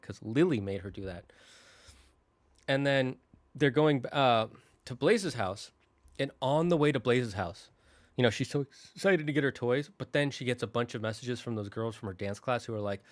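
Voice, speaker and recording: A man hosting his channel, casually retelling a movie's story in an animated way, often restarting his sentences. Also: medium pitch. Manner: animated, restarts often, slips into quick character voices. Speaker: channel host.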